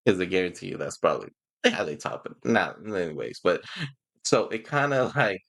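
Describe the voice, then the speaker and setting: A man's voice: lowish voice, lively intonation, moderate pace, vocal fry, a bit bright. A man reviewing a TV show in a casual, rambling way, often laughing and getting emotional. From Houston, Texas. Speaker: movie and TV reviewer.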